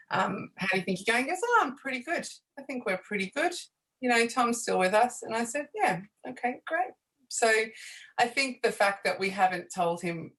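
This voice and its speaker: Aussie woman in her 40s, kinda low voice, soft and hesitant, lots of ums, radio interview guest. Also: low-quality recording. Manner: soft-spoken, hesitant, many fillers and restarts. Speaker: guest, bereaved mother and author.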